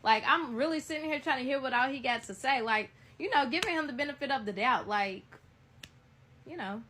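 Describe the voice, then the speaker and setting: A woman telling a story to her viewers in a sassy, animated way. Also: high voice, brisk, a little hiss or hum. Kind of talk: casual storytime narration.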